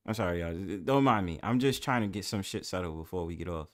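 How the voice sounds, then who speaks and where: This New York-accented man hosts a laid-back livestream panel, cursing freely and laughing often. He's expressive and brisk, lurching between booming bursts and low mutters.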